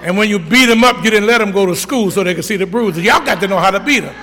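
A man's voice: high voice, fast talker, pushed and bright, big-room sound. A middle-aged man preaching a sermon, telling folksy stories and calling for amens from the congregation. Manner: storytelling, folksy, call-and-response. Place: church.

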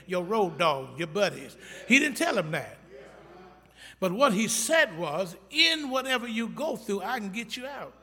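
A man with a high, bright voice delivers a blunt, folksy sermon to his congregation. He preaches with rising emphasis, at times near shouting. The sound carries the long echo of a church hall.

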